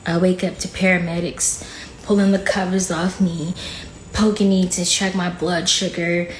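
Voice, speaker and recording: A woman with a lowish, level voice speaks at a normal speed over a slight hiss or hum. She's a guest on a podcast, frankly and casually telling a painful story laced with "like," emotional and occasionally near tears. The studio echoes and faint music plays.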